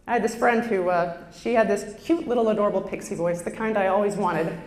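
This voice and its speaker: A woman's voice: mid-range voice, steady tone, brisk, a little mellow. A woman telling a self-deprecating stand-up story on stage through a lapel mic, chatty and full of filler words. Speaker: stand-up performer. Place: stage before a live audience. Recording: roomy stage hall echo.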